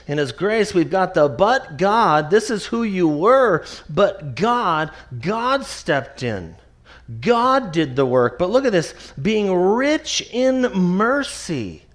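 A man preaching an expository sermon, emphatic and repetitive, slowing down to stress the scripture he quotes. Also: fairly high pitch. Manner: emphatic, repeats key phrases, slows to stress scripture.

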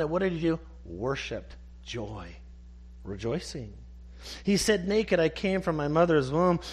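A male preacher delivering a sermon, his voice sitting a little higher than most men's. He is emphatic and poses rhetorical questions, then answers them in hushed, single words. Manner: emphatic, rhetorical questions, dropping to soft one-word answers.

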